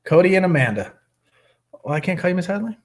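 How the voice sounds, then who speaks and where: A man's voice: sits high, lively intonation, fast, a little mellow. A man hosting a live recovery meeting over webcam, in casual chat, joking and laughing often.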